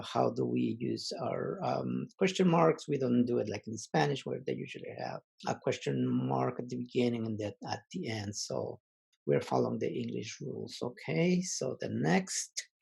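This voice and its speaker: A man teaching an online language lesson, reading word lists aloud slowly and pausing often with fillers. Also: mid-range voice, vocal fry, darkish tone, slightly rough, poor audio.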